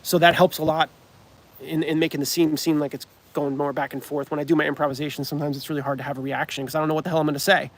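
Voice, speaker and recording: Male comedy creator, casual livestream host, a bit higher than usual, full of restarts and ums. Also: little pitch movement, very fast. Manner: rambling, many restarts and ums. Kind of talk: livestream chat.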